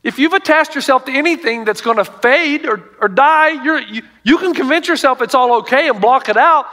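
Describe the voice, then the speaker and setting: A man's voice: extremely high pitch, fairly quick, pushed and bright. A middle-aged male pastor preaching a sermon to a congregation, telling stories with emphatic asides.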